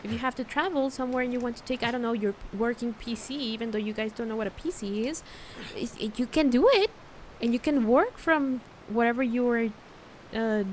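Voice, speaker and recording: A woman's voice: fairly high pitch, brisk, a little hiss or hum. A young woman streaming a game, chatting casually and rambling, stumbling over words, with hiccups. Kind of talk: casual gameplay commentary. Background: game music.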